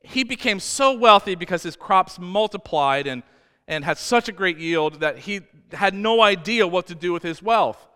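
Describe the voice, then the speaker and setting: A male pastor preaching a sermon, emphatic and swinging between loud and hushed, with humorous asides. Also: high voice, lively intonation, normal speed, smooth. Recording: church hall reverb.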